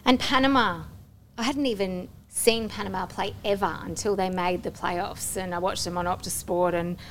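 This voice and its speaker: A woman hosting a sports podcast, steering a casual panel chat with brisk questions. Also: mid-range voice, fairly even intonation, a little hiss or hum. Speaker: podcast host.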